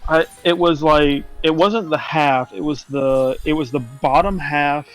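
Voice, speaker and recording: A man's voice: on the high side, a little slow, faint music behind, rough recording. A man chatting casually during a game stream, telling a long, rambling story and laughing along as he goes. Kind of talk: casual chat while gaming.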